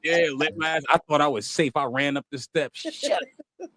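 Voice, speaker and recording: A man co-hosting a podcast, talking in a relaxed, easygoing way. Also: fairly high pitch, brisk, no room sound. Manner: relaxed, trails off with ums. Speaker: podcast co-host. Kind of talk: casual chat.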